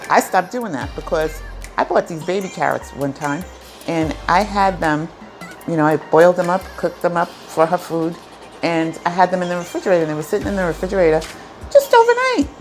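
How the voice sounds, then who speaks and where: A woman with a low-pitched voice tells a personal story to her viewers in a chatty, animated way. She keeps tossing in asides. Soft music plays faintly underneath. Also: brisk. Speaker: vlogger. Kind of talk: casual storytelling to camera.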